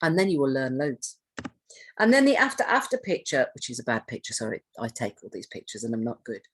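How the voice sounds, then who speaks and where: A woman's voice: extremely low pitch, expressive, a little fast, husky. A woman giving a conversational training presentation, asking her audience questions and restarting her phrases as she goes. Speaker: trainer on hoarding and self-neglect.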